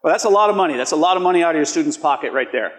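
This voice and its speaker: A man with a fairly high voice presents to a conference crowd, chatting through live poll results. He often tosses rhetorical questions at the audience. His voice rings with the long reverb of a large hall. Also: expressive, very fast.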